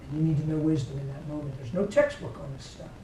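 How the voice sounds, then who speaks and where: In a church meeting room, a man gives a conversational sermon, telling stories and acting out what people said. His voice is on the high side, quick, and dark in tone, recorded from far off in an echoey room with faint background noise.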